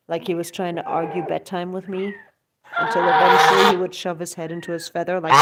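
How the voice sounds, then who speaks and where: Heavy background noise surrounds a woman with a lowish voice that swings widely in pitch at a normal speed. She's a pet goose vlogger in her thirties, chatting in a rambling way outdoors by her backyard coop during evening chores and breaking off to coo bedtime words to her birds.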